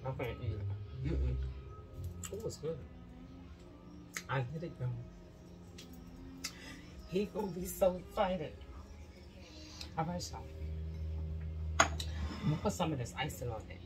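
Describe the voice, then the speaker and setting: A woman with a low voice talks straight to her viewers in a casual, chatty way while baking in her home kitchen. Her pitch swings widely as she exclaims, yet her pace stays slow and unhurried. She keeps addressing her audience directly. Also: over music, poor audio. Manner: excitable, exclaiming. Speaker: vlogger.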